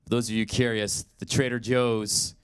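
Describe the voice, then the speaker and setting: A man in his twenties performing a stand-up comedy set, telling self-deprecating stories in an animated way. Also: medium pitch, normal speed, clear, resonant tone. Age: 20s. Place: comedy stage in a studio.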